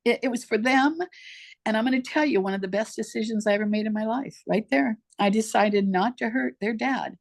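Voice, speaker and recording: A woman's voice: fairly high pitch, fairly quick, creaky. An older woman, a podcast guest, recounting her life story in an emphatic, repetitive way. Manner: emphatic, repeats herself for weight. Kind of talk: personal storytelling in conversation.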